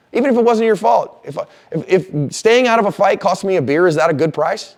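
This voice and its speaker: A middle-aged man with a high voice and vocal fry, speaking a little fast and slightly raised, teaches a self-defense class. He stays casual and direct, telling energetic stories and loudly acting out the quoted lines of the people in them.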